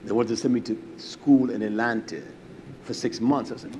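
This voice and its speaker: A man's voice: mid-range voice, moderate pace, slight background noise. An older man telling a personal story, animatedly acting out what people said and often repeating his words. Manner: animated, acts out quoted dialogue, repeats words. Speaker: speaker giving a testimony.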